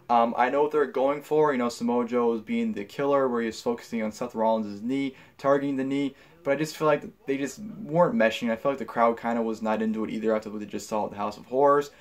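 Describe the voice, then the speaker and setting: Young man, casual spoken review, rambling, lots of fillers, blunt, swears, mid-pitched voice. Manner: blunt and profane when annoyed. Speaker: wrestling show reviewer.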